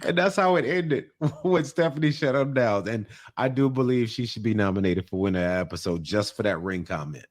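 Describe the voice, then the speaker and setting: Animated man storyteller with a New York accent. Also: on the low side, a little fast, hardly any pauses. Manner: animated storyteller, acts out quotes. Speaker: podcast co-host. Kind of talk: casual chat recapping a reality show.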